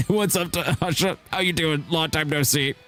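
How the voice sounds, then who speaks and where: A young man hosting a casual livestream chat, animated and jokey, who laughs often and swoops his voice up when greeting viewers. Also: a little high, measured pace, soft background music. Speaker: streamer host.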